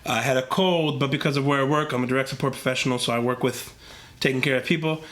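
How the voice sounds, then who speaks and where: A man's voice: medium pitch, fairly even intonation, fast talker, fairly bright tone, a little hiss or hum. A young man with a stuffy, congested voice from a cold, earnestly talking straight to his camera in a rambling vlog full of fillers. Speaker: vlogger. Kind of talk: casual talk to camera. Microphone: camera mic, talking to camera.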